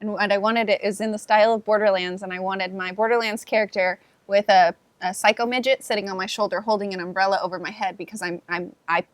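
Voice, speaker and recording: A woman's voice: medium pitch, steady tone, fast talker, few pauses, no echo. Giggly rambling woman player. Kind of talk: casual tabletop play.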